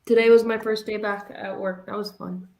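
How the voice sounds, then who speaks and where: A woman guesting on a podcast, chatting in a relaxed, low-key way. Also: normal speed. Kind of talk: casual chat.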